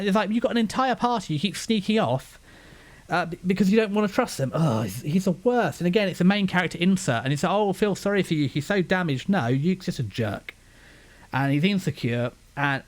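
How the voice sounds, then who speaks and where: A man giving a casual anime review, ranting with exasperation and frequent restarts. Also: a little high.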